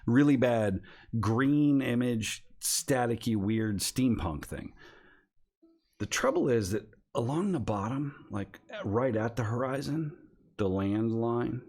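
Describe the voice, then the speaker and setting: Lively, low-voiced game master. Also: male voice, slow pace, vocal fry. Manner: animated, loose and profane. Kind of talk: narrating a tabletop game.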